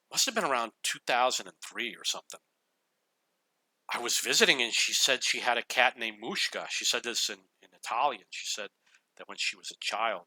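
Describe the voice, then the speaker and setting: Guy rambling thru a childhood story while gaming, really bright voice, dry close sound. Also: mid-range voice, dry recording. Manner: rambling, chuckling, with restarts. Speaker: gaming YouTuber. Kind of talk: casual storytelling over gameplay.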